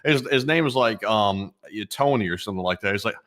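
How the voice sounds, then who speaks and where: A young man co-hosting a livestream, reading out donations and chatting in a relaxed, rambling way. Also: fairly low pitch, brisk. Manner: relaxed, rambling, filler-heavy. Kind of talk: casual livestream chat.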